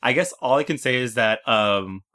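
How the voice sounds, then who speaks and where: Gossipy man with a bright voice. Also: mid-range voice, moderate pace. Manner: gossipy, joking. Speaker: podcast panelist. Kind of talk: casual film chat.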